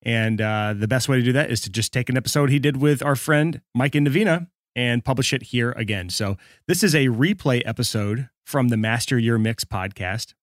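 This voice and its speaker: A man's voice: medium pitch, moderate pace, no echo. Chatty male podcast host, dry sound. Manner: chatty, joking, loose and rambling. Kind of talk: casual podcast intro.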